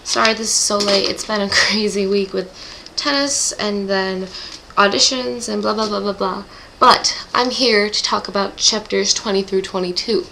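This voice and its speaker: For her book club vlog, a teenage girl chats through a chapter recap, gushing emotionally and letting out groaning sighs. Her bright, forward voice is mid-range, with fairly even intonation, normal speed, and heavy vocal fry at phrase ends. The rough recording carries a little hiss or hum.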